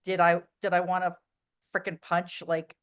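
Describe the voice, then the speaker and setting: Blunt, animated woman telling stories. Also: fairly low pitch, normal speed. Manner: blunt, animated storyteller with many "like" fillers. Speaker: interview guest. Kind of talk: casual interview chat.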